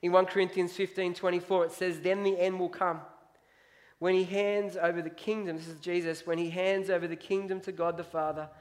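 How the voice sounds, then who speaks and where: High-voiced emphatic preacher man. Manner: emphatic, repeating key lines, reading scripture aloud. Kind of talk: sermon.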